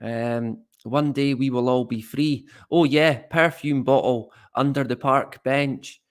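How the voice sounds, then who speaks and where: A man talks slowly and loosely on a live stream, scoffing at the stories he brings up. His pitch sits in the middle range for a man. He drifts between topics and now and then reads lines from the chat. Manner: mocking, rambling, swears casually. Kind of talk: casual live stream commentary, reading chat.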